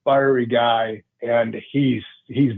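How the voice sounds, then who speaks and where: A man's voice: mid-range voice, level tone, slow, no echo. A man in his forties, a former pro football player calling in as a radio guest, telling his story earnestly with many restarts. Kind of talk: phone-in radio interview. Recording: tinny phone line.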